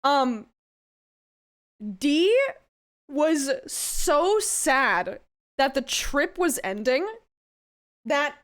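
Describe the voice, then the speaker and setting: Brief: young female streamer, high and bouncy voice, giggly, squeals, swears casually. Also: expressive, extremely slow, pauses often. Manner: giggly, bursts into laughter and squeals, swears freely. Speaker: VTuber streamer. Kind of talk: casual livestream chat with viewers.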